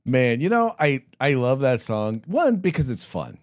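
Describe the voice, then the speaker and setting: A man hosting a casual political talk show, his pitch sitting in a plain middle range. He talks loosely, loses a name now and then and fills the gap, then moves briskly through the sponsor reads. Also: sing-song, over loud music. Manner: chatty and digressive, searching for words. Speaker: podcast host.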